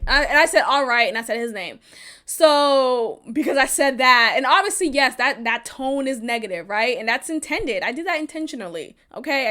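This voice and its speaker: A woman from Texas hosting a podcast, telling a dating story at home in a blunt, profane, animated way. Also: high-pitched. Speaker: podcast host. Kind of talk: casual storytelling monologue.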